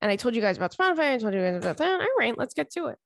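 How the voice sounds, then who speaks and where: A woman's voice: fairly high pitch, big pitch swings, very fast, gravelly, no echo, studio quality. Chatty, foul-mouthed woman podcast host. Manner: candid, chatty, profane storytelling. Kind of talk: casual solo podcast chat. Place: home, indoors.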